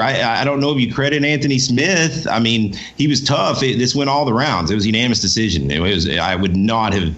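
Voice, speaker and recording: A man's voice: medium pitch, fairly quick, hardly any pauses, fairly bright tone, dull audio. A man co-hosting a fight podcast, talking casually and tossing questions to his co-host. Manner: conversational, tosses questions to co-host. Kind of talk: casual sports talk.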